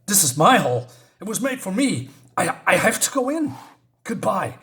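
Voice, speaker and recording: A man voicing a terrified young woman from a horror story, speaking in a high, frantic, pleading voice. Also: animated, moderate pace, close to an everyday voice. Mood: resigned.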